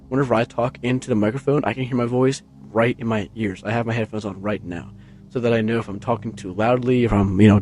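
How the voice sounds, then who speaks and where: A man vlogging at home in a casual, rambling way, full of fillers and restarts, talking close into a tabletop microphone. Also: a little mellow. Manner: rambling, many fillers and restarts, low-key. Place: carpeted room at home. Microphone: tabletop USB microphone, close, with headphones on.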